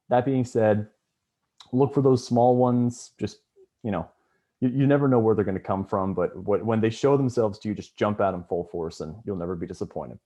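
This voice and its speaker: A man's voice: deep voice, dark tone. A young man giving a casual farewell speech on a video call, telling a story with many fillers and restarts. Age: young adult. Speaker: student government member. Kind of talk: farewell speech at online meeting.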